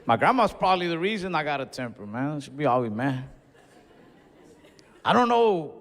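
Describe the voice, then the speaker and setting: A young man doing a stand-up comedy set, telling stories in a laid-back way and acting out his own outbursts. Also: mid-range voice. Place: comedy venue, large hall. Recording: live hall reverb, faint crowd ambience.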